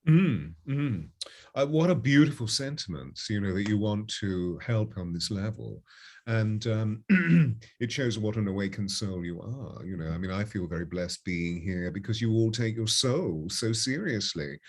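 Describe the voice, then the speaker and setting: Effusive spiritual guest, male, lowish voice, flowery call-in chat. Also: lively intonation, unhurried. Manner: effusive, flowery, calls listeners darling. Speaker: spiritual guest answering callers. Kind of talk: live call-in show chat.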